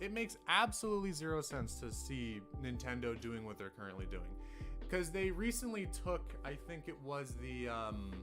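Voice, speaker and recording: Young male streamer, casual profane rant, music underneath. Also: fairly high pitch. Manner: ranting, profane, rambling. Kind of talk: casual livestream chat. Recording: music playing behind.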